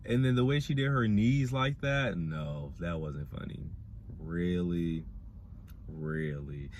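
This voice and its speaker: A young man with a Black dialect, giving a sassy, animated casual review of a reality show. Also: measured pace, a little hiss or hum. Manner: animated, sassy, mimics cast members in high voices. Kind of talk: casual commentary.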